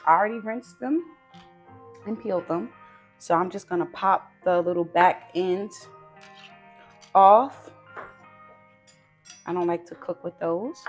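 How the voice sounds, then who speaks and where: A woman hosting her own cooking vlog, talking straight to viewers in a lively, emphatic and chatty way, with slangy asides. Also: fairly low pitch. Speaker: cooking show host.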